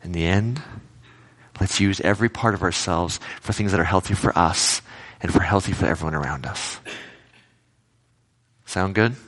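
A male pastor giving a casual, conversational sermon, telling everyday anecdotes with animated retellings. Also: sits low, normal speed, pauses often.

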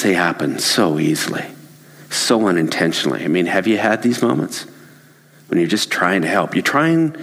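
Low-voiced preacher in a reverberant hall. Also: male voice. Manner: earnest, conversational, animated. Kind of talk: sermon storytelling.

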